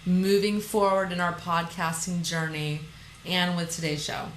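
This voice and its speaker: A woman's voice: lowish voice, steady tone, a little slow. A woman hosting a podcast in casual chat, chatty and self-deprecating, with stumbles and restarts. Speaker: podcast host. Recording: roomy echo with faint noise.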